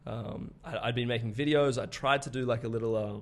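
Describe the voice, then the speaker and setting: A man's voice: medium pitch, steady tone, a little fast. Young Australian man guesting on a podcast, loose and profane storyteller. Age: 20s. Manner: swears freely, laughs often, loose storytelling. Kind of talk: casual conversation.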